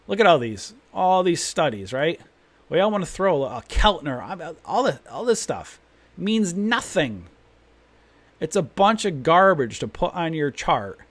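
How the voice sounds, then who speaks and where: A man's voice: on the high side, very animated, measured pace, a bit bright, no echo. Guy hosting a live trading stream, ranting hard, dry close mic. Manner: emphatic, ranting, repeats his points. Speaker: trading room host.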